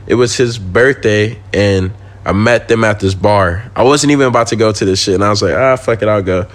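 A man's voice: lowish voice, a little fast. A young man, a podcast guest, telling a story in casual, slangy speech full of swearing and laughing.

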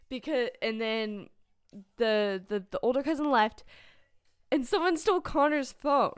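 A woman's voice: fairly high pitch, lively intonation, moderate pace, clean tone, no echo. A young woman chatting casually, telling rambling stories with lots of fillers and giggles. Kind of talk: casual chat.

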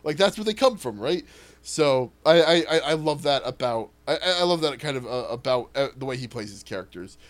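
A man tabletop player in casual chat, telling stories in a rambling, animated way and swearing casually. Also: medium pitch, a little fast. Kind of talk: casual podcast chat about a tabletop campaign.

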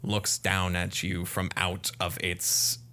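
A man running a tabletop game as game master, narrating scenes at an unhurried pace with casual fillers. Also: deep voice, monotone, pushed and bright.

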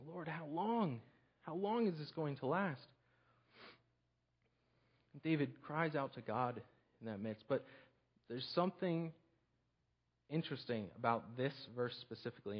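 Earnest man preaching, husky and muffled. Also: medium pitch. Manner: earnest, halting, frequent repeats and restarts. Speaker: pastor. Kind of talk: sermon.

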